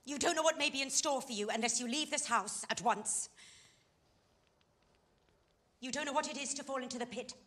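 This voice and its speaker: A woman's voice: high voice, quick pace, a bit bright. An actress playing a fallen society woman who pleads urgently and with passion in a stage play scene. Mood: pleading. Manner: impassioned, pleading.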